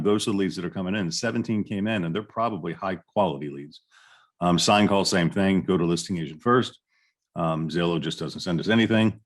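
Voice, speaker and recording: A man running a real estate office's weekly business meeting, talking bluntly and informally with joking asides. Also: deep voice. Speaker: real estate brokerage manager.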